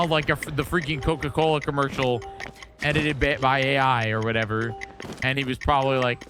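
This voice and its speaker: A male streamer with a mid-range voice talks casually to his chat. He rambles and restarts his sentences, bursting into quick, animated stretches. Faint music runs quietly behind him. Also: medium pitch.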